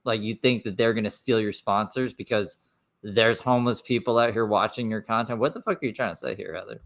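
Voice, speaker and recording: A man's voice: on the low side, steady tone, a little fast, fairly bright tone. A man hosting a stream, commenting on a clip in a sarcastic, blunt way and swearing. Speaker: stream host reacting to a clip. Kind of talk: reaction commentary.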